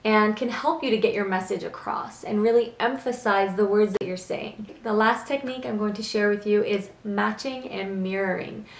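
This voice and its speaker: A woman hosting a self-improvement vlog, explaining tips in a calm, earnest, instructive way. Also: medium pitch. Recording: echoey room.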